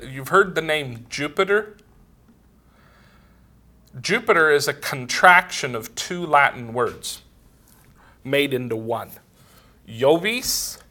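A man's voice: mid-range voice, sharp tone. A man giving a casual theology lecture, wandering into asides and often saying "you know".

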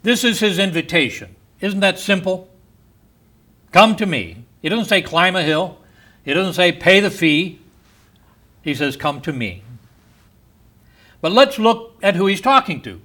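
A man preaching a sermon in a slow, deliberate way, going soft and quiet on quoted words. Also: high voice, expressive.

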